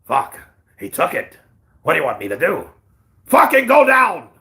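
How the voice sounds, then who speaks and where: A man's voice: on the high side, wildly swooping pitch, normal speed, gravelly, sharp tone, heavily acted. A man doing a crude grumbling boxer. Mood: scheming. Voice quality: coarse, profane, muttering. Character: crude scheming British heavyweight boxer, grumbling.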